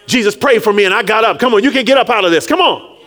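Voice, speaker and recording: A man preaching a sermon with call-and-response, rising to shouts and dropping low, acting out scripture figures. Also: fast talker. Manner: animated, call-and-response, rises to shouts then drops low; acts out Jesus and Peter in quiet low tones.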